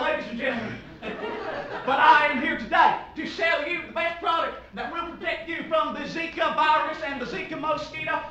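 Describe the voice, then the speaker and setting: A man's voice: very high-pitched, pushed and bright. A man playing a pompous male public speaker on a comedy stage, delivering a grandiose, mock-formal address while switching between foreign accents. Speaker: improv performer. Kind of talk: improvised comic monologue in shifting accents. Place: small comedy club stage. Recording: echoey comedy club, mic from far off, audience.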